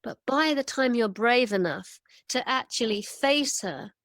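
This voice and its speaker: Brief: woman guest, lively emphatic storyteller, slightly high voice, close and dry. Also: a little slow, no echo. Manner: animated, vivid storytelling with emphatic lists. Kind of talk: casual storytelling conversation.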